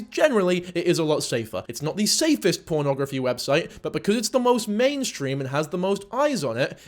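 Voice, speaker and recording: A young man doing profane, heated reaction commentary, ranting and swearing as he talks. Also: sits high. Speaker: YouTube commentator.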